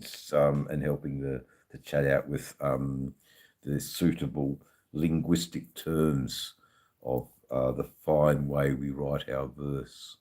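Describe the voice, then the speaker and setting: A man's voice: rumbling low, flat delivery, takes it slowly, a little mellow. A man in his fifties with an Australian accent, chatting casually on a live stream, reading out viewer comments with plenty of slang, swearing and ums. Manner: laid-back, swears freely, many ums, uses Aussie slang.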